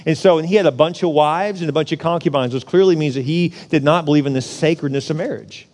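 A man preaching a sermon in a church sanctuary, his voice sitting high for a man. He is an animated preacher who acts out the story as he goes. The sound rings out with a long hall reverb. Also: quick pace. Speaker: pastor.

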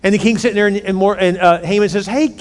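Man, pastor, sermon, high voice, lively storytelling, long hall reverb. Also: fast. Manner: animated storytelling, acting out characters' lines.

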